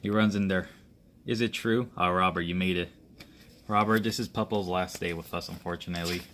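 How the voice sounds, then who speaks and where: This improvised action story comes from an amateur storyteller whose fairly low voice is steady and a bit bright. He stumbles along, rambling and restarting often, and acts out all the characters' dialogue himself rather than reading anything polished.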